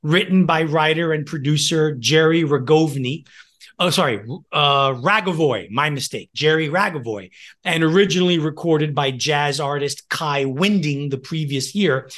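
A man's voice: on the high side, moderate pace, a bit bright. A man co-hosting a music history podcast, reading prepared notes with casual asides and the odd laugh. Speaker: podcast co-host.

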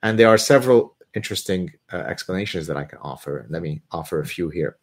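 Deep-voiced guy doing a livestream q&a, opinionated, cracks jokes as he goes. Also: fast talker, breathy edge. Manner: animated, opinionated, jokey asides. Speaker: host answering viewer questions. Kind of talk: live-stream Q&A chat.

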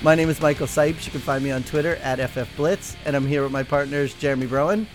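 A man's voice: on the high side, fast, over music. A man hosting a fantasy football podcast in a casual, easygoing way, laughing often. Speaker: podcast host.

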